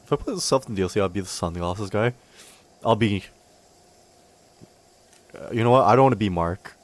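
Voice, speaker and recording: A man's voice: fairly low pitch, brisk. A young man live-streaming a game, chatting in a rambling, self-mocking way and swearing often. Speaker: VTuber streamer. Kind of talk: casual live-stream commentary.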